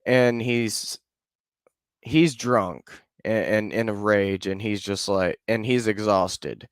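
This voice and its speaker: A man's voice: fairly low pitch, slow, clear, resonant tone, dry recording, studio quality. A man casually retelling a folk tale as a podcast host, loose and conversational with frequent fillers. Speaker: podcast storyteller. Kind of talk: casual storytelling.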